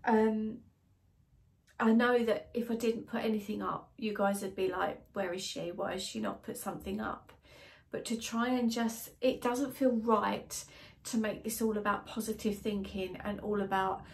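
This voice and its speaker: Emotional British woman vlogger, mid-pitched, halting and hesitant, openly sad. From Britain. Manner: hesitant, halting, many restarts and fillers. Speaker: wellbeing vlogger. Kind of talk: casual emotional vlog to camera.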